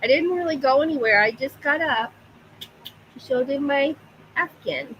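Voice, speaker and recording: Slow-talking chatty woman at home. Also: high-pitched, lo-fi sound, slight background noise. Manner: chatty, talks to her pets and reads viewer comments. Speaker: livestream host. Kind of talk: casual livestream chat.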